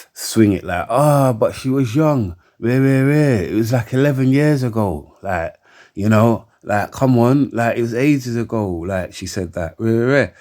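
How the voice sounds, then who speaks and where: Low-voiced man ranting heatedly. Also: darkish tone. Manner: heated and emphatic, keeps asking for agreement; stammers and repeats words. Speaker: commentator. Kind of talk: opinion rant to camera.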